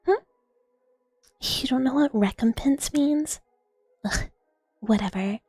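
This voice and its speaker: A woman streamer in whispered role-play as a mouse girl, breathy and playfully teasing, close on a binaural mic. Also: high voice, slow, pauses often, mellow, no room sound. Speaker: ASMR streamer. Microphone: binaural 3Dio microphone.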